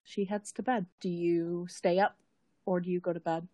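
A woman narrating a tabletop role-playing scene as game master, unhurried, thinking aloud with frequent fillers and repeated words. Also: on the low side, level tone, mellow, no echo.

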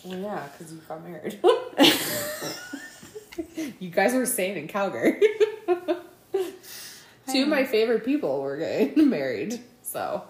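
A woman's voice: fairly low pitch, sing-song, brisk, hardly any pauses, a little mellow, reverberant. A young woman co-hosting a casual home podcast, talking candidly and laughing easily with her friend. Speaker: podcast co-host. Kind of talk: casual chat. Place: home room.

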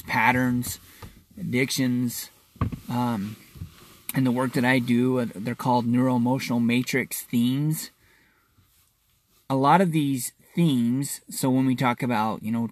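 Halting, earnest man, dry close sound. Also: medium pitch, no echo. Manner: halting and repetitive, often restarting and doubling words; reassuring, earnest. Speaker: wellness practitioner addressing listeners. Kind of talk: casual spoken monologue to listeners.

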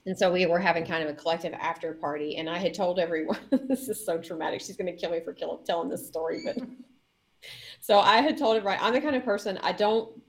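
A woman mayor in an interview, telling a story in a lively way, laughing and acting out what people said. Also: fast, rough recording. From Indiana, US. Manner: lively, laughing, acts out quotes with big pitch jumps. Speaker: mayor, guest.

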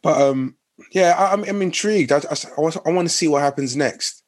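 A man's voice: on the high side, a little fast. A young man rambling with many fillers in casual podcast chat.

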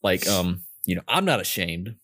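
A man's voice: deep voice, sing-song, normal speed, a bit bright, slightly rough. A young man telling a story in casual chat, rambling and self-mocking with lots of fillers and restarts.

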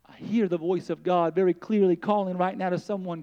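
A man's voice: high-pitched, fairly even intonation, fairly quick, hardly any pauses, dark tone, clean tone, in a large hall, dull audio. A male pastor preaching an evening sermon with fervent, swelling delivery.

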